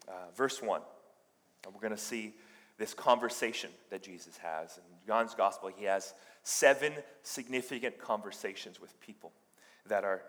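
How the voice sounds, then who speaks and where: A man's voice: on the low side, a bit bright. A male pastor giving a sermon, telling a story conversationally and often restarting his sentences. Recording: long reverb in a large hall.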